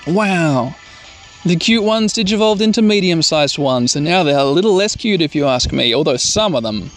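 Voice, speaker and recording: A man hosting a casual bedtime podcast, playfully recapping a cartoon and acting out bits of the characters' lines. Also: fairly high pitch. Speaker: podcast host.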